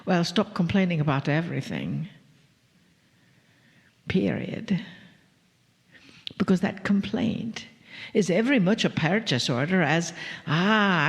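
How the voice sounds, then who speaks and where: A woman channeling a spiritual message to a live audience, slow and breathy, slipping into whispers. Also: lowish voice, expressive, long reverb tail. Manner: slow and breathy, drifting into whispers with soft laughs.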